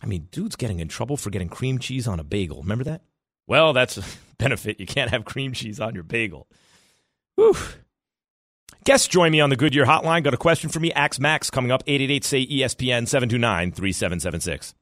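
A man from New York hosting a sports talk radio show, rambling in an animated way with quick asides. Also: medium pitch, dry recording, studio quality.

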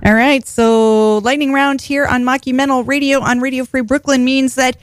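A woman's voice: high-pitched, level tone, normal speed. Brash, swearing woman radio host. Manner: brash, swears freely, laughs often. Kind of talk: casual radio interview chat.

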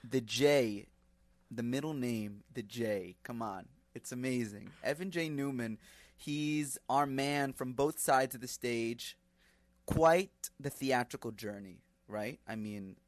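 A man's voice: medium pitch, slow pace, no echo. A man co-hosting a podcast over a video call, chatting casually, joking around and hyping things up. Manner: playful, jokey, hypes things up. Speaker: podcast co-host.

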